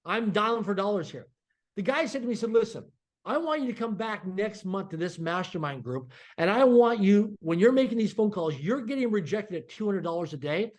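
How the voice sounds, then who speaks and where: A middle-aged man talks quickly and with energy, the way a podcast guest tells his story. He slips into the voices of the people in his story and acts out their lines. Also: high voice. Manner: animated, acts out dialogue in quotes.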